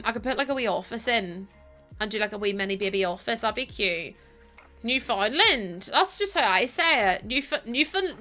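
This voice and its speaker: A young woman, streaming a game and chatting casually with her viewers, teasing and quick to laugh. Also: mid-range voice, sharp tone. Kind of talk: casual live-stream chat while gaming.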